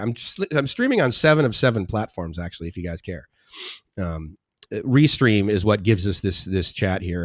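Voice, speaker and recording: A man's voice: low voice, no echo, clean studio sound. A man hosting a casual live stream, chatting in a rambling way and laughing often as he reads out chat comments.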